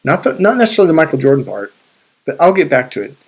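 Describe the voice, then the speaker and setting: This man talks rapid-fire in a fairly high, slightly rough voice with vocal fry and large pitch swings. A spiritual and life coach, he rambles through a casual story for viewers, swearing freely and repeatedly restarting his sentences.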